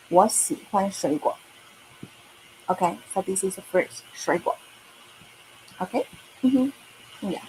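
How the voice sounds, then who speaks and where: A woman's voice: mid-range voice, expressive, slow pace, pauses often, a little mellow, a little hiss or hum, low-quality recording. A woman teaching a lesson, who repeats words and sentences patiently and checks in with frequent okays and rights. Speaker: Mandarin teacher. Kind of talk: online language lesson.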